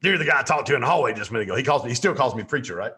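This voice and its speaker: A man telling a lively story as a podcast guest, with folksy asides. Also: mid-range voice, rapid-fire.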